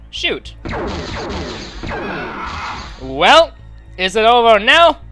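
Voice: mid-range voice, big pitch swings, takes it slowly, long pauses, pushed and bright, soft background music. A let's play commentator giving casual, gleeful commentary with a scratchy throat, talking to the soldiers on screen. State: throat acting up, clearing it.

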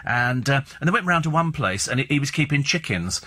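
A man's voice: medium pitch, expressive, fairly quick, bright, forceful tone. A man hosting a talk radio show, chatting in a rambling, opinionated and sardonic way about gossip and the news. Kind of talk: casual chat and celebrity gossip commentary. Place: radio studio. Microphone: studio microphone.

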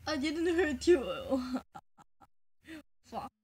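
A woman's voice: high voice, very animated, extremely slow, a little mellow. A woman in playful reaction banter, teasing, giggling and swearing. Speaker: fan video maker.

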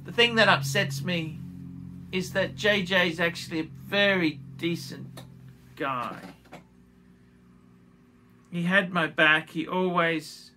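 Slow, bright-voiced man apologizing. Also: high voice, slight background noise. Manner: halting and repetitive, restarting phrases. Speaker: YouTuber making an apology video. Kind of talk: emotional direct-to-camera apology.

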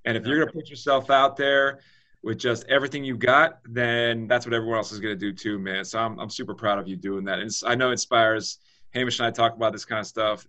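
A man's voice: lowish voice, pushed and bright. A man co-hosting an education podcast, talking in an upbeat, encouraging way. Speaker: podcast co-host. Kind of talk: casual podcast conversation.

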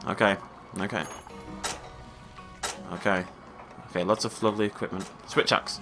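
A man's voice: on the low side, fairly even intonation, moderate pace, music in the background. A man giving casual, chatty gameplay commentary, wry and talking to himself as he plays. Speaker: let's play gamer.

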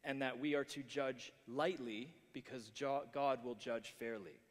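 Halting male preacher in a reverberant hall. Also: mid-range voice, fairly even intonation. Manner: halting, many restarts and fillers. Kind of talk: sermon.

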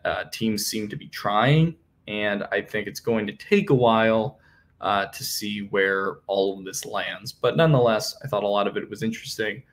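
Young male podcast host, low-pitched, casual solo analysis with lots of fillers. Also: a bit bright. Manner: conversational, many fillers and self-corrections.

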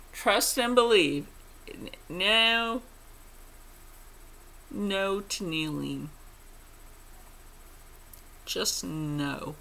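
A woman's voice: on the low side, creaky, sharp tone, a little hiss or hum. A woman vlogger chatting casually to her viewers, blunt and opinionated, swearing freely. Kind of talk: casual chat to camera.

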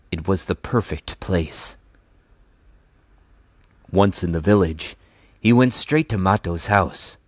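A man reading a children's novel aloud in a measured, even way. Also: sits low, dry recording. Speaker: storybook reader.

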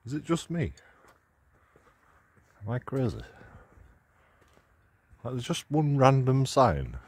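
Husky man joking through a street walk. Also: medium pitch, very animated, slow. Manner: laughs at his own jokes, mocking. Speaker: vlogger. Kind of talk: casual walking commentary. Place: outdoors on city streets.

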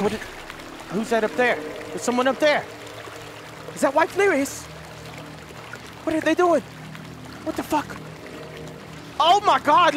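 A man with a high, hoarse voice narrates a horror game in a let's play, jumpy and swearing as he yells and laughs at what happens. Water and game noise run clearly underneath everything he says. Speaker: gaming video host.

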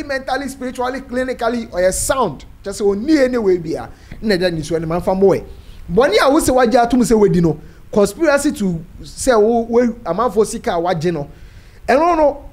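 A Ghanaian presenter retelling a court story, mixing Twi with English legal terms. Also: mid-range voice. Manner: animated, switching between Twi and English. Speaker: news presenter.

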